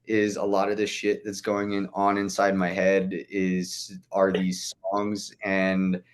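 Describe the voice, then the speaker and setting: A man's voice: deep voice, monotone, slow pace. A young man chatting as a podcast guest, rambling with lots of "like" fillers and casual swearing. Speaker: guest musician.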